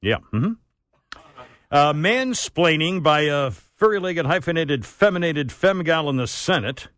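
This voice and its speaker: A man hosting a talk radio show, quick with the banter and quick to laugh. His voice rides high and swings widely. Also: lively intonation, a bit bright, dry recording. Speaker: radio host.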